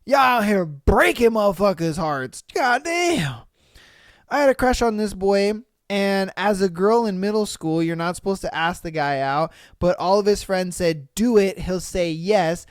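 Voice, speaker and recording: Animated, profane podcast host. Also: mid-range voice, a little slow, no echo, studio quality. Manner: animated, profane, laughing reactions. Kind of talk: comedic commentary reading online posts.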